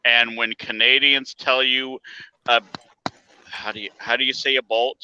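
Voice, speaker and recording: A man's voice: mid-range voice, level tone, a little slow, pushed and bright, clear, resonant tone, no echo, highs cut off. A man with a Wisconsin accent, a guest in a casual live-stream chat, joking, laughing and swearing loosely over a video call. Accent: Upper Midwest, Wisconsin.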